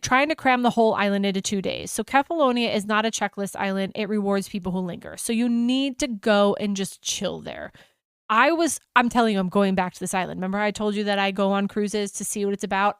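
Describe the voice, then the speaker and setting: A gushing American woman talks casually on her travel podcast, piling on superlatives. Her voice is smooth and resonant at a middling pitch, and the recording is dry and close. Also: dry recording. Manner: gushing, enthusiastic storyteller. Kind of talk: casual chat.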